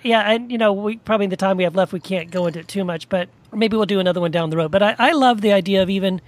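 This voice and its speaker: A man's voice: high-pitched, rapid-fire. Man, podcast co-host, earnest, rambling, lots of restarts, casual faith talk.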